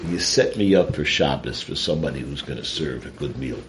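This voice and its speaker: A man's voice: very deep voice, expressive, brisk, a bit bright, slight background noise, voice pushed down. A man voicing a witty, hungry jester who talks in a sly, coaxing way.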